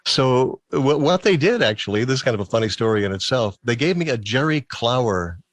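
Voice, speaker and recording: A man's voice: mid-range voice, animated, fairly quick, no echo. A man telling stories as a guest in an interview, talkative and chuckling as he goes. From Massachusetts. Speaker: guest, musician and former DJ. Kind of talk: casual interview storytelling.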